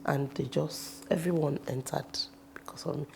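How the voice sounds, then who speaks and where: Expressive Nigerian woman, low gravelly voice. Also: normal speed. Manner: expressive, animated storytelling with sudden loud bursts. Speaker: actress in a personal interview. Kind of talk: casual personal storytelling. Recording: music playing behind the voice.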